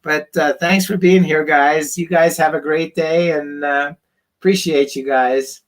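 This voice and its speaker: A slightly hoarse male doctor who reads out viewer questions in a live online Q&A and answers them bluntly, with many ums and uhs. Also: fairly high pitch, steady tone, unhurried. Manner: loose, with frequent ums and uhs. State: slightly hoarse, losing his voice. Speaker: fertility doctor.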